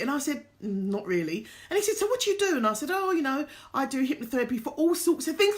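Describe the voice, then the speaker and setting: A woman hosting a live-streamed show, telling stories full of quoted dialogue in an excitable, animated way. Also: sits high, quick pace, hardly any pauses. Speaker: show host. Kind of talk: casual storytelling to a live-stream audience.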